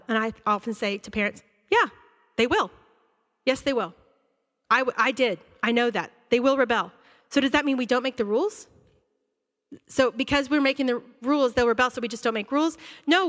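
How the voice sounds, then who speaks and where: A woman, a school counselor giving an earnest talk to parents at a church, telling stories from her own life. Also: sits high. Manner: earnest, warm-hearted storytelling, addresses crowd as y'all. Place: large church hall. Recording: long hall reverb.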